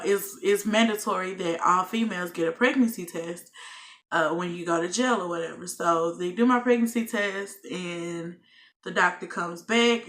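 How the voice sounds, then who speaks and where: Bright-voiced woman telling a story. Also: lowish voice, a little hiss or hum. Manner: animated storytelling, acts out her own and others' lines. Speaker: vlogger. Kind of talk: storytime vlog, casual retelling.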